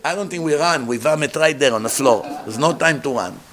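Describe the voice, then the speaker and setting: A man, a rabbi, giving a Torah lecture in English with non-native grammar, telling the story with lively acted-out voices. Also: a little fast. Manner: animated storytelling, acts out characters with big pitch jumps.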